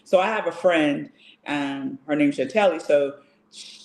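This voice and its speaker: A woman's voice: low-pitched, unhurried, echoey room. A woman co-hosting a casual live talk show, telling stories and acting out the voices of others. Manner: animated storyteller, acts out voices. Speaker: podcast co-host. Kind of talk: casual chat.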